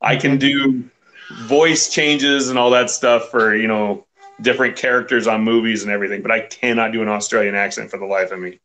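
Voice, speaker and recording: A man's voice: on the low side, level tone, fairly quick, a bit bright. A man in his thirties, a guest on a video call, laid-back and laughing easily. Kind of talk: casual chat on a video call.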